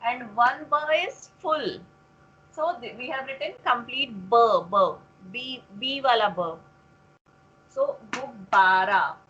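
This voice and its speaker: A woman tutoring a Hindi lesson one-on-one, patiently repeating words slowly so they can be pronounced. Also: on the high side, sharp tone, dull audio, slight background noise.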